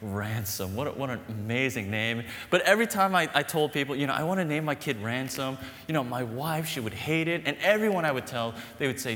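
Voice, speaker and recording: A man preaching a sermon with an animated, emphatic delivery. His voice carries a long reverb from a large, echoing hall. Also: medium pitch, brisk, few pauses. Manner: animated, emphatic, storytelling with laughs. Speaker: pastor.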